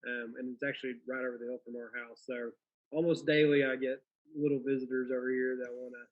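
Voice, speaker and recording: Young male guest, casual chat, relaxed and friendly, slightly muffled lo-fi sound. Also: mid-range voice, fast talker. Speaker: guest, small business owner. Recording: slightly dull lo-fi audio.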